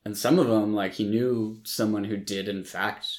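A podcast host with a fairly low voice walks through a film's plot in a loose, casual way. His talk rambles and is filled with likes and ums, with the odd swear word. He sounds conversational rather than scripted. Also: fairly even intonation, normal speed, a little mellow. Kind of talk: casual film recap.

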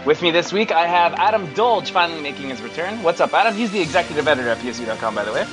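A man's voice: on the high side, expressive, very fast, music in the background. A man hosting a casual gaming podcast, joking and swearing with his co-hosts and laughing often. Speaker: podcast host.

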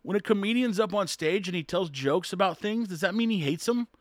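A man's voice: high voice, fairly quick, dry recording, clean studio sound. A man giving an earnest opinion monologue, posing rhetorical questions and answering them himself.

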